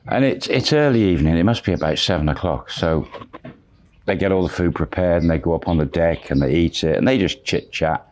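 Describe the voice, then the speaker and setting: Deep-voiced man telling a story. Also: a little fast, a little mellow, a little hiss or hum. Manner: rambling, repeating "he says" and "she says". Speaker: channel storyteller. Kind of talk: casual spoken storytelling.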